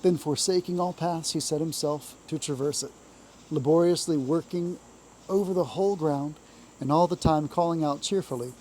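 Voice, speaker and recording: A man reading a classic children's story aloud in a calm, measured storytelling voice. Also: on the high side, low-quality recording.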